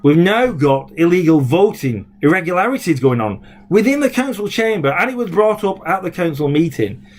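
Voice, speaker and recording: A man's voice: sits high, very animated, moderate pace, darkish tone. Indignant man ranting. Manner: indignant, rambling with many "uh"s and restarts. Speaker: former local councillor vlogging. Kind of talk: casual video blog rant.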